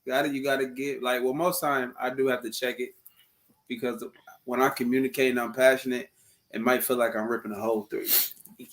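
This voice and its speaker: A man's voice: mid-range voice, level tone, a little fast, fairly bright tone. A young man co-hosting a casual chat, earnest and a bit preachy, speaking to viewers and acting out what people say. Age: young adult. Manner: earnest, preachy asides to viewers, acts out quotes. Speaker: co-host.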